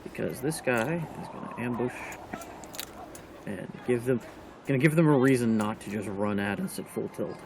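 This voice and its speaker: A man's voice: mid-range voice, moderate pace, gravelly, a little mellow, a little hiss or hum. A man playing a tabletop wargame, thinking aloud as he counts out his moves. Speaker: player. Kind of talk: casual tabletop game talk.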